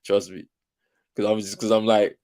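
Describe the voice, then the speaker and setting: A man's voice: on the low side, flat delivery, moderate pace, a little mellow. A man co-hosting a casual football watchalong, talking in laid-back, slangy banter. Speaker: co-host.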